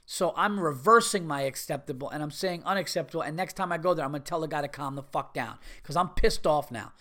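Profane ranting man, high voice. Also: fast, bright, forceful tone. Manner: profane, ranting, exasperated, acts out both sides of a conversation. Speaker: podcast host. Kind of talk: comedic storytelling rant.

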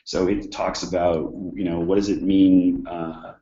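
A man's voice: sits low, little pitch movement, measured pace, mellow, roomy sound, highs cut off. A man with a cold, explaining contract and scheduling points in an informal lecture, with plenty of "uh" and "um" along the way. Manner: conversational, many fillers and restarts. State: hoarse from a cold. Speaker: instructor. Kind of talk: informal exam-prep lecture.

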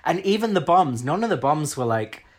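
A man's voice: on the high side, big pitch swings, normal speed, crowd noise. Opinionated chatty British man. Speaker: podcast co-host. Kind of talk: casual chat reviewing a TV episode.

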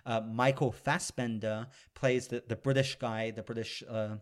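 Guy cohosting a podcast, casual chat, gushes and rambles with lots of ums, medium pitch. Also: little pitch movement, unhurried. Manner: rambling and enthusiastic, hedging with fillers. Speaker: podcast co-host.

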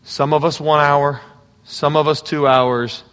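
A man preaching a sermon, moving between quiet, intimate asides and loud, fervent exhortation. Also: on the high side, little pitch movement, a little slow, clear, resonant tone, in a large hall. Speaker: pastor. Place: church sanctuary.

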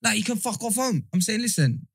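Young man, slangy talker, slightly high, dry sound. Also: animated, brisk, gravelly, no echo. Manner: slangy, mimics other people mid-story. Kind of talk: casual storytelling chat.

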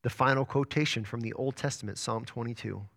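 A man preaching a sermon as pastor, earnest, often stumbling and restarting his words, with sharp rises and soft drops. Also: mid-range voice, fairly quick, creaky.

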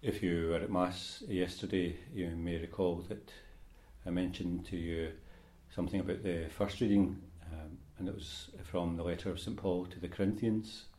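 A priest reading scripture at Mass and then giving a homily in a measured, unhurried way, with some hesitations. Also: male voice, low voice, steady tone, dark tone. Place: church. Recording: roomy church echo.

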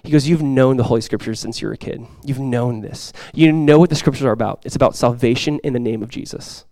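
A man's voice: medium pitch, fast, no echo. Man preaching a passionate sermon. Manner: impassioned preaching, swells loud for quoted cries then drops soft. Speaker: pastor. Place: church sanctuary before a congregation.

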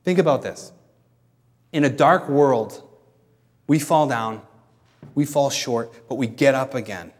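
A man preaching a sermon in a conversational way, explaining as he goes with pauses and restarts. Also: medium pitch, big-room sound. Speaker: pastor.

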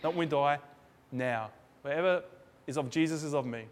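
A man's voice: on the high side, moderate pace. A man preaching a sermon in a loose, conversational way, acting out little dialogues in different voices. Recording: hall reverb.

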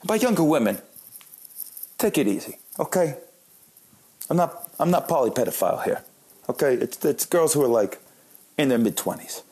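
A man in his late thirties tells comic stories about his life, joking at his own expense. His voice is husky and a bit breathy, at an ordinary male pitch. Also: very animated, normal speed, long pauses, darkish tone. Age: late 30s. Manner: joking, self-deprecating. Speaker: comedian. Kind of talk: comic storytelling monologue.

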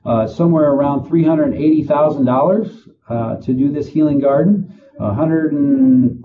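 A man working in prison administration, answering interview questions slowly with many pauses and fillers. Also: medium pitch, narrow, tinny audio, crowd noise. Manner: slow, halting, with many fillers.

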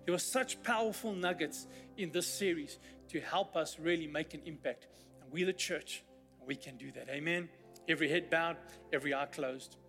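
High-voiced man preaching in a reverberant church. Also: moderate pace, gravelly. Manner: animated storyteller, building to exclamations. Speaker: pastor. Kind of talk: sermon. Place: church hall during a service. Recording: long church reverb, faint music.

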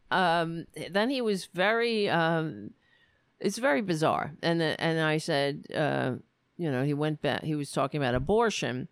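A woman hosting a political show, telling a story in an animated, profane rant and quoting both sides of an argument. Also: lowish voice, measured pace, clean tone, no room sound, clean studio sound. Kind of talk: casual ranting commentary.

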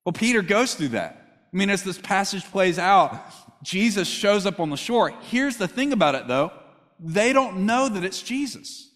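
A man's voice: high-pitched, lively intonation, moderate pace, a bit bright. A man preaching a sermon, talking with the congregation in a conversational way and asking them questions. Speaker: pastor. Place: church hall. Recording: long hall reverb.

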